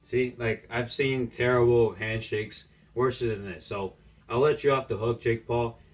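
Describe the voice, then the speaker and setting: A man's voice: medium pitch, fairly even intonation, unhurried. A young man giving casual, mocking reaction commentary as a YouTuber, joking and ranting about the clips he watches. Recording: distant mic with faint music.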